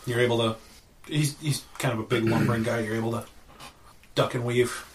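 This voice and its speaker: A man narrating as game master, casual and chatty, with quick asides. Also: medium pitch, steady tone, distant mic, a little hiss or hum.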